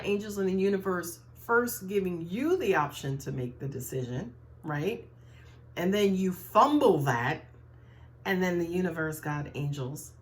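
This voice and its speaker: A woman giving a casual tarot reading to viewers, talking in a chatty way and often tagging her sentences with "right?". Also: fairly low pitch. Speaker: tarot reader.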